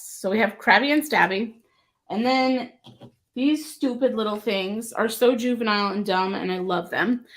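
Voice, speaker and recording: A woman's voice: mid-range voice, a bit bright. A woman hosting a casual livestream about her craft shop, chatty and rambling, often laughing between thoughts.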